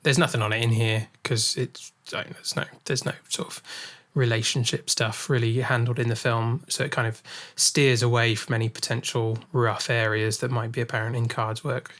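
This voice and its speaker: Male podcast co-host, mid-pitch, casual, rambly and full of fillers. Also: little pitch movement, normal speed, a bit bright. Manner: thinks aloud with many fillers and restarts. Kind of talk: casual film discussion.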